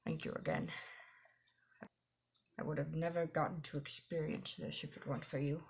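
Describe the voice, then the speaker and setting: A woman's voice: low voice, flat delivery, moderate pace, gravelly, a little hiss or hum. A woman reading the lines of a friendly grown man from a dating game, stammering and gushing. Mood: excited.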